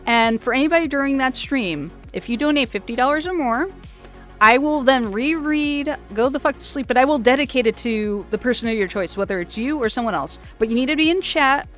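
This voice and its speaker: A chatty woman, in a somewhat high voice, hosts a livestream. She laughs often and trips over her words, with faint music in the background. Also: expressive, a little fast, fairly bright tone. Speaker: streamer host. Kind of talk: casual livestream chat.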